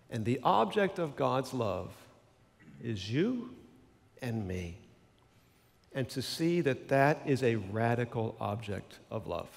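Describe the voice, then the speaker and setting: A man's voice: mid-range voice, in a large hall. A male pastor giving a sermon in an earnest, conversational storytelling manner.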